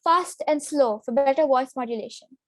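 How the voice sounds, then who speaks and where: A young woman presenting a public speaking lesson in a clear, instructive way. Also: high voice, moderate pace, dry recording, studio quality. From Singapore. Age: teenager. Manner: clear, instructive delivery with demonstration sentences. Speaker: student workshop presenter.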